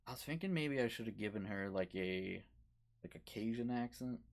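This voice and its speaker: A man's voice: medium pitch, animated, normal speed, creaky. A man streaming a game playthrough, rambling casually and chatting to his viewers in a self-mocking way.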